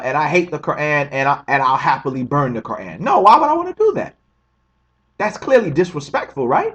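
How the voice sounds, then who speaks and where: Husky, emphatic man, rather high voice. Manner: emphatic, repeats words and rhetorical questions; keeps asking the listener "right?". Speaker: religious commentary host. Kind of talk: casual video commentary.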